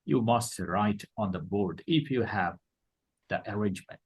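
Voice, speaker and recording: A man with a Bangladeshi accent lecturing a class as a teacher, deliberate and repeating his points. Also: fairly low pitch, slightly rough, dull audio.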